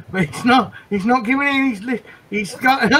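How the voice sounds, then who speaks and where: Guy telling jokes on a stream, really high bright voice, keeps giggling. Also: slight background noise, low-quality recording. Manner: giggly storyteller who laughs between lines. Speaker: livestream host. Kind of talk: casual chat telling jokes.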